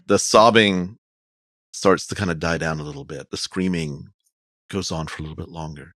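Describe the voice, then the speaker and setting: A very deep-voiced, husky man narrating as dungeon master in a tabletop game. He describes scenes vividly in a relaxed way, full of fillers. The sound is dry and close, with faint music underneath. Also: normal speed, no room sound.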